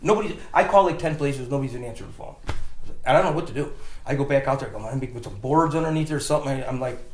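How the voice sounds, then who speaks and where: A man's voice: mid-range voice, racing, darkish tone, reverberant, a little hiss or hum. A man telling a long funny story in a rambling casual way, stopping to restart and laughing as he goes.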